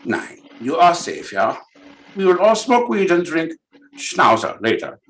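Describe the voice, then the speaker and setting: A man voicing a mock therapist, coaxing and slow. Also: a little high, sing-song, fairly bright tone, poor audio. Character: mock German male therapist, soothing and odd.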